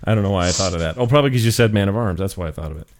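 A man's voice: sits low, racing. A young man hosting a podcast in casual chat, joking and goofy. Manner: joking, goofy, self-mocking. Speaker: podcast host.

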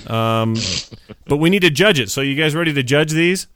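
A man's voice: fairly high pitch, lively intonation, normal speed, fairly bright tone, no room sound, clean studio sound. A man hosting a casual podcast, joking around and fumbling through his notes. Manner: joking, scattered, self-deprecating. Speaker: podcast host.

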